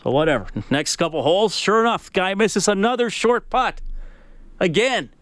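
A man's voice: sits high, animated, fairly quick, a bit bright, no echo. A man hosting a sports radio show, talking casually and telling stories with plenty of fillers. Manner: casual, storytelling, many fillers.

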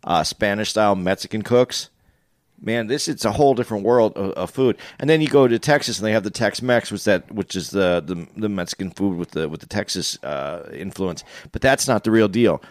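A man's voice: fairly low pitch, brisk, dry recording, clean studio sound. A man co-hosting a podcast in casual chat, earnest and stumbling as he starts sentences. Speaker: podcast co-host.

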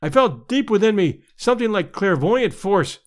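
Male audiobook narrator, high and animated delivery, dramatic period sports tale. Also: moderate pace. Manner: lively, expressive storytelling with voiced crowd shouts.

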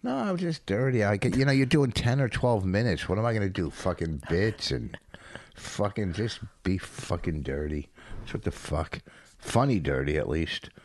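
A man, a stand-up comedian, chatting casually and profanely, rambling and often turning loud and indignant. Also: on the low side, expressive, moderate pace, a little hiss or hum. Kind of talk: casual podcast banter.

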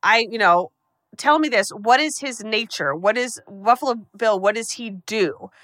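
A woman doing a calm, riddling cannibal psychiatrist. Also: on the high side, measured pace, no room sound, clean studio sound. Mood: probing. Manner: calm, questioning. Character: cunning older male psychiatrist, calm and riddling.

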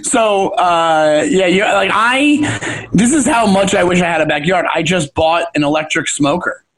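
A man's voice: high-pitched, unhurried, a bit bright. A young man co-hosting a podcast in rambling casual chat, often restarting and laughing. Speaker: podcast co-host.

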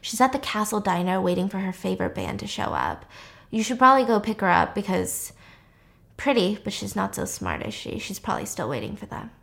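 A woman acting out a cold, taunting young woman avenger in a film recap, speaking with sarcasm and quiet menace. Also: medium pitch, wildly swooping pitch, brisk, vocal fry, heavily acted.

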